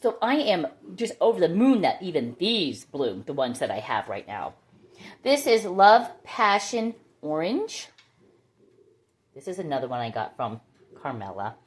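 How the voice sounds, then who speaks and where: A woman's voice: sits low, sing-song, unhurried. A middle-aged woman chatting casually and enthusiastically as she shows her orchids at home. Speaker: orchid grower. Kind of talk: casual chat while touring plants. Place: home with plants.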